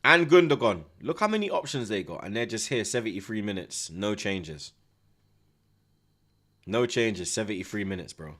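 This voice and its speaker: A man hosting a live football watchalong, talking in excitable, slang-heavy banter. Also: on the low side, moderate pace. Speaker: host. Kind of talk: live match watchalong commentary.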